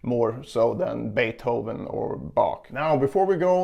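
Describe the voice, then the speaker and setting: A young man teaching a casual guitar lesson, explaining technique in a relaxed way and counting beats aloud. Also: a little high, vocal fry. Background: guitar playing.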